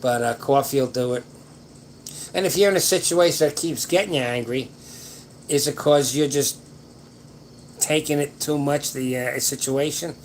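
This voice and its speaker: An older man talks in a loose, rambling way and hands out folksy advice in slangy speech. It is a casual late-night chat where he answers viewers, at an ordinary pitch for a man. A faint noise sits under his voice. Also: normal speed, pauses often, rough recording. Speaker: livestream host answering viewer questions.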